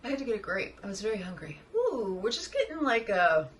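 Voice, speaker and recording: A woman chatting excitedly through a makeup tutorial, often dropping to a soft murmur as she works. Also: mid-range voice, brisk, a little hiss or hum, low-quality recording. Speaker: makeup vlogger. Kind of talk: casual makeup tutorial chat.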